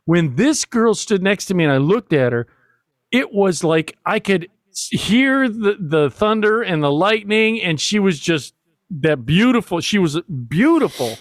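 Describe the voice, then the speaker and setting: A man with a fairly high voice tells a long, meandering comic story, breaking into laughter at his own jokes. His voice sits close and dry on the mic, with no room around it. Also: big pitch swings, a little slow, no room sound. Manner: rambling, laughs often, self-deprecating. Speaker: podcast host. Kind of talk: casual comedic storytelling.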